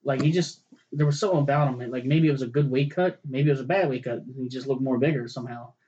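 This fight podcast co-host talks fast in a dark, mid-range voice, captured with lo-fi sound. He rambles through casual chat about fights, cursing and starting his sentences over again and again.

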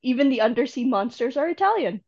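A woman's voice: a little high, big pitch swings, quick pace, gravelly, a little mellow. A woman co-hosting a podcast in casual chat, wry and laughing often. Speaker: podcast co-host. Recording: dull lo-fi sound.

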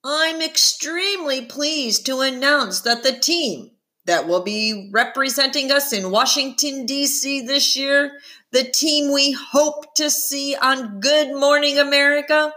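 A woman voicing a male television quiz show host who announces in a grand, drawn-out style with dramatic pauses. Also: high voice, pushed and bright, voice pushed up, full character voice. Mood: announcing.

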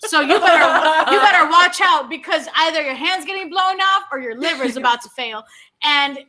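A woman co-hosting a casual podcast, tipsy, joking loudly and swearing as she chats. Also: sits high, normal speed. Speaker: podcast co-host.

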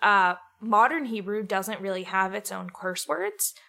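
A woman's voice: mid-range voice, lively intonation, a little slow, gravelly, bright, forceful tone. A young woman co-hosting a podcast, asking questions in a blunt, frank way and swearing freely. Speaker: podcast co-host, interviewer. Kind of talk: casual podcast conversation.

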